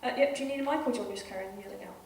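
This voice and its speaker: A British woman hosting a convention panel, chatting in a quick, easy way. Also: mid-range voice. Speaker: panel host. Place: convention hall. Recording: echoey hall from far off, faint noise.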